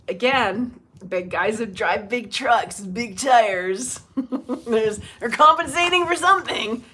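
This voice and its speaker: A woman's voice: a little high, expressive, extremely slow, sharp tone, breathy edge. Chatty, blunt woman hosting a livestream. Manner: chatty, laughs often, blunt and profane. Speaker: psychic medium hosting a livestream. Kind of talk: casual livestream chat.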